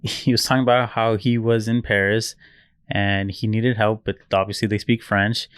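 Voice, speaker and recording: A young man from the States talks easily on a podcast, dropping casual swears into his stories. His voice comes across smooth and clear. The recording is close and dry. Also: fairly low pitch, level tone, moderate pace, a bit bright, dry recording. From United States. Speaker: podcast co-host. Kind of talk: casual chat.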